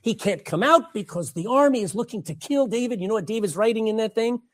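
A man's voice: sits high, expressive, fast talker. A man preaching a sermon, reading scripture and calling out emphatically to his congregation.

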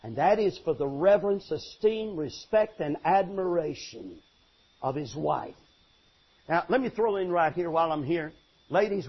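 Brief: older male pastor, husky high voice, animated sermon delivery, dull lo-fi recording. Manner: animated, emphatic preaching with stammered restarts and sudden shouts.

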